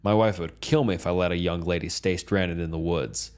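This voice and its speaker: Deep-voiced man narrating horror. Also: fairly even intonation, a little fast, a little mellow. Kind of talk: scripted first-person horror narration.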